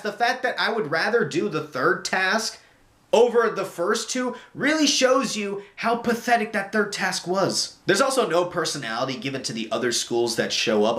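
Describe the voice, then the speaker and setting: A man talking casually as a movie reviewer, animated and exasperated, with mocking impressions. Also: on the high side, reverberant. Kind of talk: casual opinion talk.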